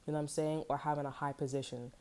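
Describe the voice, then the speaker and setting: A woman's voice: sits low, flat delivery, racing, mellow. A woman giving a casual, rambling tarot reading, talking bluntly and swearing freely, with "you know what I'm saying" over and over. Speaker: tarot reader.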